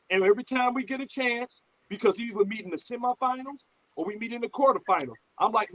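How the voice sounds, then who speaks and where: A man's voice: extremely high pitch, quick pace, hardly any pauses, poor audio. A man, telling stories bluntly and profanely in a casual podcast chat. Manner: blunt, profane, animated storyteller.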